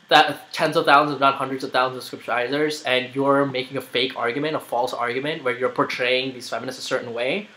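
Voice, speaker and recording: A man's voice: mid-range voice, pushed and bright, low-quality recording. A man commenting on a played video, argumentative and rambling, with many fillers. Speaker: YouTuber making a response video.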